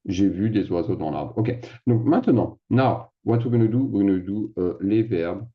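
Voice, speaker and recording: A man's voice: lowish voice, moderate pace, phone-quality sound. A man with a French accent, a native French speaker, explaining grammar as a teacher in a casual classroom way, often checking in with "d'accord?". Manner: sprinkles French fillers, asks "d'accord?" often.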